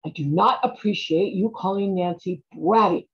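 A woman performing a stage monologue about her girlhood. She sounds stubborn and indignant, and bursts into shouts. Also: fairly low pitch, moderate pace, muffled recording.

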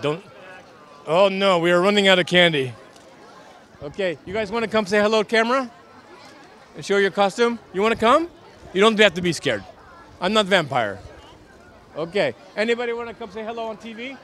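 A faint crowd surrounds this street interviewer, who speaks briskly in a high, expressive, slightly bright voice and pauses often. He is playing a Transylvanian count posing as a businessman, using broken English to playfully reassure children at an outdoor Halloween parade.

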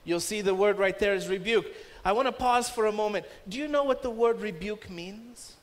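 A man's voice: sits high, normal speed. A man preaching a sermon as pastor, emphatic and rising sharply when he voices commands. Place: church. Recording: long reverb of a church hall.

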